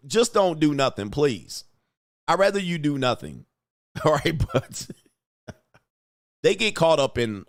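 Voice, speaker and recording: A blunt man riffs through casual livestream commentary, reading out viewer comments and throwing in loud, animated exclamations. His voice sits in a middle pitch and sounds close and dry, with almost no room sound. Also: normal speed, no room sound. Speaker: livestream host.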